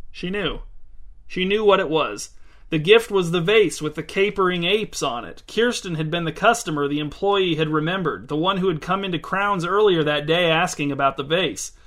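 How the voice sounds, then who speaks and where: Male narrator for a storybook reading, bright, somewhat high voice.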